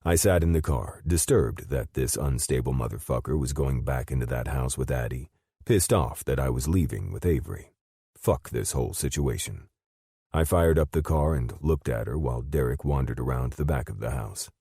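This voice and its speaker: A man narrates an audiobook in the first person with a very deep, dark voice. His delivery is steady and low-key, even through blunt swearing. The studio sound is dry and close. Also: moderate pace, slightly rough, dry recording.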